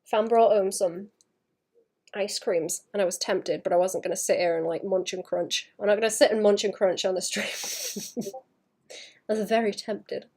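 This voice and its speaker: A woman livestreaming her painting, chatting casually and thinking aloud in soft mutters that trail into whispers, second-guessing her work. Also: mid-range voice, fairly even intonation, moderate pace. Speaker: artist streaming her painting.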